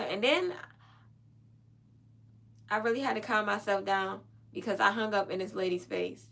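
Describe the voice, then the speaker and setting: A woman's voice: mid-range voice, a little slow, vocal fry, long pauses. A woman hosting a podcast from her own room, telling a story casually to listeners and acting out both sides of phone calls with lots of animation. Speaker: podcast host.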